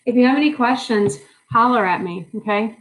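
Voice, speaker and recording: A woman's voice: fairly high pitch, brisk, poor audio. A woman teaching a recorded history lesson in a chatty, informal way, talking straight to her students. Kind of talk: casual recorded lecture.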